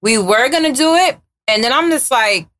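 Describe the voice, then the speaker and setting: A woman's voice: high voice, lively intonation, moderate pace, a bit bright. A woman guest on a podcast, speaking frankly and supportively in casual chat.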